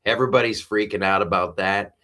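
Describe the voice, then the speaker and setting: A man's voice: fairly low pitch, fairly even intonation, fast talker, pushed and bright. A man hosting a live stream, talking politics in a rambling, exasperated way with many restarts while reading viewer comments. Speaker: host.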